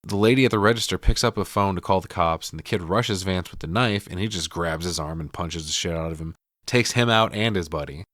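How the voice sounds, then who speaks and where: A middle-aged man casually recapping a film, swearing, laughing and slipping into quick impressions. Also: low-pitched, fairly bright tone, dry recording, clean studio sound. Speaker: podcast co-host.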